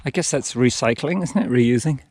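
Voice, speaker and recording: Man vlogging a trail run outdoors, chatty and self-teasing, mid pitch, faint noise behind. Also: brisk, darkish tone. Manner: chatty, self-mocking asides to himself. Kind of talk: casual running vlog narration.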